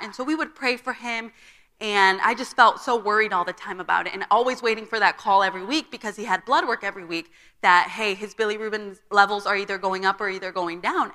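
A young woman gives a personal testimony at a church conference, telling her story and acting out the dialogue within it. Her medium-pitched voice sounds pushed and bright, and the large church auditorium lends a long reverb.

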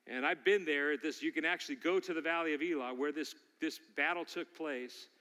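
Bright-voiced preacher in a reverberant hall. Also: male voice, fairly high pitch, a little fast. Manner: storytelling, rising to forceful exhortation. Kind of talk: sermon.

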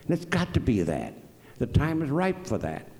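Brief: man, forum speaker, animated storyteller, dark tone, reverberant hall. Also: medium pitch, normal speed. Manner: acts out quoted voices, emphatic rhetorical questions. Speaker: speaker answering questions at a public forum.

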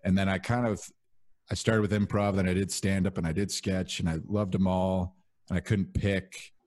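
Brief: young male podcast host, deep voice, loose rambling chat, dry close mic. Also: moderate pace, no echo. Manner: relaxed, rambling, full of fillers.

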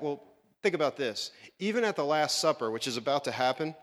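A man preaching a lively sermon as pastor, acting out Bible characters in funny voices. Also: a little high, a little fast, long reverb tail. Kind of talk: animated sermon.

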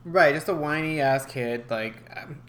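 A man with a bright, pointed tone co-hosts a podcast in easygoing banter. He jokes, swears casually and keeps things loose. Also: a little high, measured pace. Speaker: podcast co-host.

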